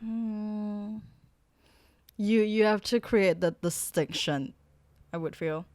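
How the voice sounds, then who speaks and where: A woman's voice: mid-range voice, slow, darkish tone, no room sound. A woman from Malaysia, a photographer and podcast guest, telling stories candidly and laughing often. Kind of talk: casual chat.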